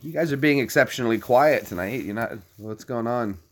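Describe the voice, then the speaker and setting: A man's voice: mid-range voice, brisk. A man in his thirties chatting casually to a live-stream audience, rambling and joking. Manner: rambling, jokey, puts on silly voices.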